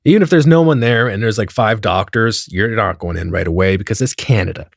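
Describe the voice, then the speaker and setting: A man telling a comedic story in a profane, animated way, acting out the dialogue as he goes. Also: fairly low pitch, a little fast, creaky, dry recording, studio quality.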